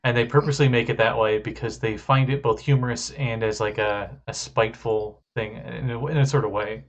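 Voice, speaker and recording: A man's voice: medium pitch, fairly even intonation, brisk. A man narrating as game master, hesitant, with many ums and restarts.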